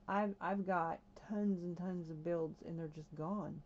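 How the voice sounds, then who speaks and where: A woman's voice: fairly low pitch, steady tone, a little slow, few pauses, darkish tone, highs cut off, a little hiss or hum. A woman live-streaming a game, talking to herself and her viewers as she grows alarmed, with frequent exclamations. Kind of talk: casual live-stream chat.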